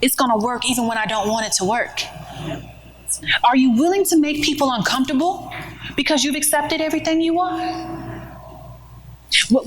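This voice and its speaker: A woman's voice: high-pitched, fairly bright tone, poor audio. A woman giving a motivational keynote talk at a conference, speaking in an emphatic, conversational preaching style with rhetorical questions. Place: conference room with an audience.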